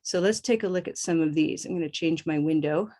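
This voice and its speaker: A woman teaching English pronunciation in a live online lesson, modeling vowel sounds slowly and deliberately with upbeat praise. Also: low-pitched, warm tone, a little hiss or hum.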